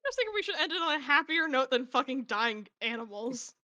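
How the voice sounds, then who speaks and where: A young adult woman, a podcast guest, telling a story in casual chat with lively, casually profane delivery. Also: high voice, fairly quick, no room sound.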